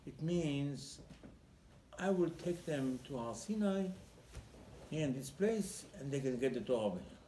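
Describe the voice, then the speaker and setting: Animated rabbi in a roomy echo. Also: male voice, on the high side, a little hiss or hum. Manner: animated storytelling, acting out dialogue with rising emphasis; halting, repeats words while searching for phrasing. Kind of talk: Torah sermon. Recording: roomy echo, faint background ambience.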